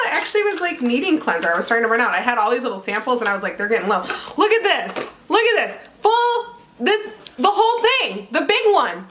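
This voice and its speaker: A young woman vlogging to camera, chatty and bubbly, with lots of "like" and excited squeals of "oh my God". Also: medium pitch, a little hiss or hum. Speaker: beauty vlogger unboxing a subscription box. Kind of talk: casual chat to camera.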